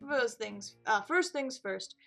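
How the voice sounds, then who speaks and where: An earnest male bird defense attorney in a video game, read by a woman in near her own voice. He asks his questions briskly and formally, in a bright, forceful tone. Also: a little high, animated, vocal fry, soft background music, full character voice.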